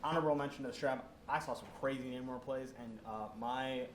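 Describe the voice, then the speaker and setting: A young man co-hosts a laid-back esports recap, cracking jokes while he rattles off player names. His voice sits at medium pitch with a steady tone and a fairly quick pace. The room is echoey, with a little background noise.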